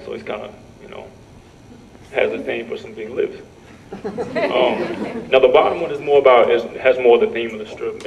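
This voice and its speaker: A man on a panel presenting his comic strips, relaxed, with chuckling asides. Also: lowish voice, vocal fry. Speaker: cartoonist panelist. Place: lecture room panel. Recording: distant mic, dull sound, faint hum.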